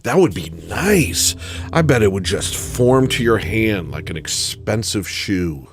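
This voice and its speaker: A man's voice: fairly low pitch, big pitch swings, slow pace, slight background noise. A man hosting a livestream, rambling through a self-mocking comic monologue with theatrical outbursts. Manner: self-mocking, theatrical, bursts into sudden yells. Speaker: livestream host.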